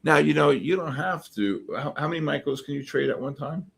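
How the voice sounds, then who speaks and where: A man's voice: a little high, a little fast, creaky, a bit bright, husky. A man hosting a live futures trading stream, chatting through charts and viewer messages in a rambling way with many fillers. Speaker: futures trading livestream host. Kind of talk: live trading commentary reading viewer chat.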